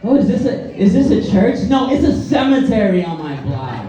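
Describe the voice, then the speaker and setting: A man's voice: high voice, very animated, normal speed. A man from the Bronx with a Bronx accent doing a stand-up comedy set, talking loose and conversational and checking in with the crowd. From the Bronx, New York. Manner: loose and conversational, keeps asking the crowd "you know what I'm saying". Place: comedy club stage. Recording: far-off roomy club mic, muffled, loud crowd. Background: audience laughing.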